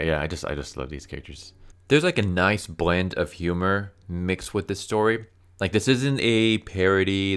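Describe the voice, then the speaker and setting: Deep-voiced young man reviewing comics. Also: fairly bright tone, smooth. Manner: rambling, many fillers and restarts.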